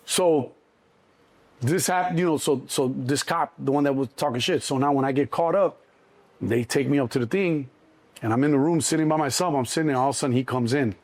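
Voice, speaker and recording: A middle-aged man from Chicago, a guest in an interview, telling his story in an animated way and acting out the people in it. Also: medium pitch, brisk, no room sound. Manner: animated, acts out cops and himself in quotes.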